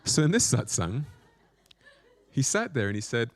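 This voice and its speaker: A man's voice: mid-range voice, big pitch swings, normal speed. A man, a monk, giving a spiritual lecture with playful, self-mocking asides and short phrases repeated for emphasis. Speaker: monk teacher.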